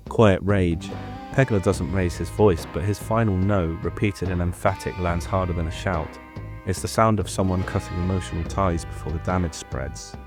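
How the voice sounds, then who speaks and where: A man giving a scripted, measured breakdown of a TV episode, with some rambling off-script asides. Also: sits low, steady tone. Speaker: show commentator. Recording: voice over clear guitar music.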